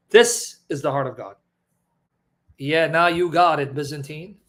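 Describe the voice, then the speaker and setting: A man with a notably high voice teaches scripture with passion. He keeps asking his listeners questions and shifts between forceful emphasis and quiet, hushed delivery. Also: unhurried, long pauses. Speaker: Christian preacher. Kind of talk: impassioned Bible teaching.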